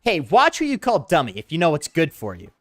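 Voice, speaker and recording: A sassy teenage girl who teases her brother with sarcasm and barks orders at her classmates, read aloud by a man in his everyday voice. Her lines swing up and down in pitch. The sound is close and dry, with no room around it. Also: wildly swooping pitch, a little fast, no echo. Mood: teasing. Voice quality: teasing, sarcastic. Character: sassy teenage girl student, bossy older sister.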